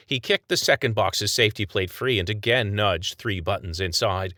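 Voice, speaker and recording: Male author-narrator, low voice, dry close read, measured audiobook delivery. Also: bright, forceful tone, dry recording. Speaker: author narrating his own story.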